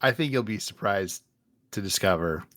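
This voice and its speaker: A man co-hosting a podcast in casual chat, retelling scenes in an animated way with frequent laughter. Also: fairly low pitch, normal speed, no room sound, studio quality. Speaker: podcast co-host.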